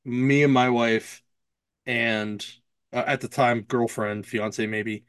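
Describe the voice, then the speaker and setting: A man's voice: medium pitch, fairly even intonation, takes it slowly, clear, resonant tone, no echo. A man co-hosting a podcast, telling a rambling story in casual chat and acting out the people he quotes. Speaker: podcast co-host.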